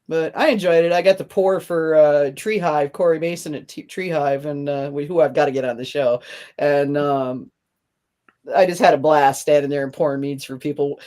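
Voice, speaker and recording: A woman's voice: low-pitched, normal speed, darkish tone. A woman hosting a casual podcast chat, rambling and laughing often as she tells stories. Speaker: podcast host.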